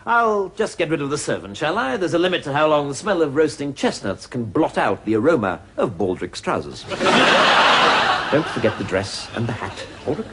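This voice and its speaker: A sardonic butler who schemes behind his master's back. His deadpan drawl sits slightly high and swings widely. A faint hiss runs under the old TV audio. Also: moderate pace. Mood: sneering. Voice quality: dry, sneering, deadpan. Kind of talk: 1980s TV sitcom acting.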